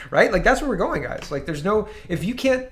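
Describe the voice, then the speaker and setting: A man's voice: high voice, a bit bright. A Canadian man hosting political commentary, talking casually and sarcastically while reacting to clips. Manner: sarcastic, mocking voices.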